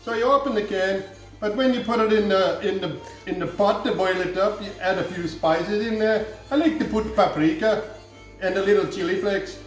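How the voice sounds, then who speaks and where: Irish male host, comic cooking demo, high voice, deadpan rambling, boomy echoing home kitchen. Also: moderate pace, soft background music. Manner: jokey, rambling, deadpan asides.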